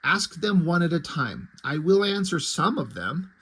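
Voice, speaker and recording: A man reading the lines of a calm, knowing male mage from a comic, measured and cryptic, in a husky voice. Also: on the high side, heavily acted.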